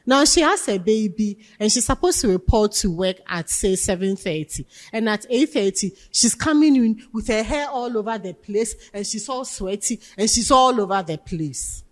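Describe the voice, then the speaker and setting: A woman's voice: medium pitch, expressive, normal speed, few pauses. A woman teaching a leadership class, emphatic and asking her students questions. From Ghana. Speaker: lecturer. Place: lecture hall. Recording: long hall reverb.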